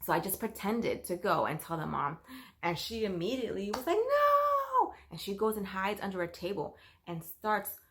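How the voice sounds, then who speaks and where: A woman talks straight to her viewers in a relaxed vlog, telling a story about her work as a nanny. Her voice sits at a middle pitch. She talks loosely and conversationally, with plenty of fillers. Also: moderate pace, a little hiss or hum. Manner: chatty, storytelling, with frequent fillers like "like" and "you know".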